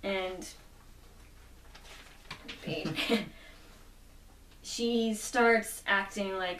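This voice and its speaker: A woman chatting through a comic book plot and quoting the characters' lines along the way. Her voice sits at an ordinary middle pitch. It comes from some distance off a mic in a roomy, echoing space. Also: extremely slow, pauses often, fairly bright tone. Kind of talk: casual plot recap.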